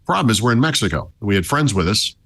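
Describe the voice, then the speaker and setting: A man's voice: fairly low pitch, sing-song, quick pace, fairly bright tone, breathy edge. A man talking casually as a tech podcast commentator, wry and chatty, with many fillers and restarts.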